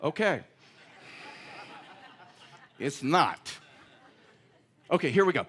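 A man's voice: a little high, big pitch swings, very slow, long pauses, a bit bright. A male pastor preaching a sermon in a conversational, storytelling way with self-deprecating humor. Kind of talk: sermon with personal stories.

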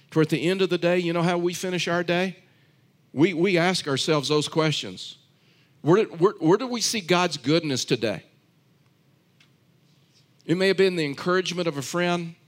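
A man preaching a sermon, earnest and repetitive, telling stories with frequent restarts. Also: on the high side. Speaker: pastor.

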